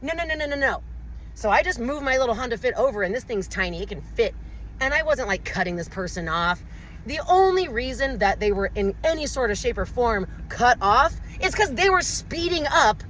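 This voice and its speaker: Woman, furious profane rant, higher voice, phone held in a moving car. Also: a bit bright, slight background noise, poor audio. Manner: profane, exasperated ranting. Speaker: vlogger. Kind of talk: angry rant to camera. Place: inside a car while driving. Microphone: handheld phone camera.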